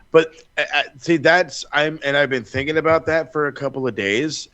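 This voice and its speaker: A man co-hosting a wrestling podcast in casual chat, telling stories in an animated, profane way with lots of restarts. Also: on the high side, moderate pace, no echo. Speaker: podcast co-host.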